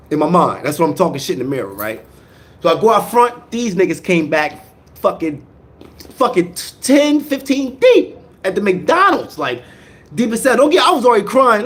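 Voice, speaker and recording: A man with a slightly higher voice tells a rough story in casual, slangy talk. He drops to low mutters for asides, then bursts out loud on the action. He stutters and repeats words as the story runs away with him. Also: fairly quick. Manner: animated, jumps from low mutters to loud outbursts.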